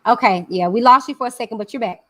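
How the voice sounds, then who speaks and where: A woman hosting a live stream on a video call, chatty and warm with her viewers. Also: a little high, quick pace. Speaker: host.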